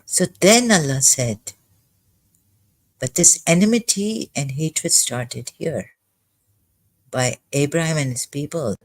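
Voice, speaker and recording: A man commenting on scripture verses as he reads them aloud. He sounds agitated and halting, and thinks aloud as he goes. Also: a little high, poor audio. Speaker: ex-Muslim commentator.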